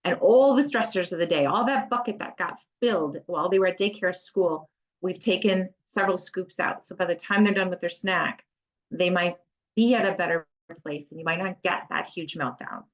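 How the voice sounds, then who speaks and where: A woman's voice: on the low side, normal speed. A middle-aged woman, an occupational therapist, giving a conversational parent education talk with playful asides. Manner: conversational, practical, with playful acted asides to children. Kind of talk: presenting a parent education webinar. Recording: slightly muffled lo-fi audio.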